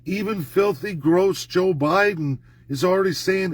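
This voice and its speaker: A man's voice: sits high, a little slow, dry recording. A man from Canada delivers a heated political monologue, indignant and emphatic. He circles back to the same points again and again, with a slightly raised voice, and the recording is dry with no room sound. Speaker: political commentator. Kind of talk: ranting monologue.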